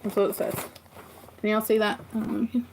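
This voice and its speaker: A woman's voice: mid-range voice, little pitch movement, fast talker, creaky, darkish tone, a little hiss or hum. A woman with a Southern US accent hosting a casual livestream, rambling and laughing often as she chats. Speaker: livestream host. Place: farm home kitchen.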